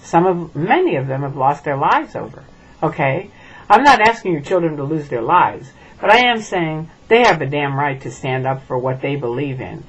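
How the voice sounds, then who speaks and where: A woman's voice: low-pitched, lively intonation, normal speed, slightly rough, highs cut off. A middle-aged woman from the United States gives an emphatic direct-to-camera message and keeps checking in with "okay?". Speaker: former member speaking out.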